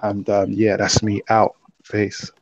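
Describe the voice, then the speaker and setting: Gravelly man on muffled lo-fi audio. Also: monotone, takes it slowly. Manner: brief, low-key sign-off. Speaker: boxing panel guest.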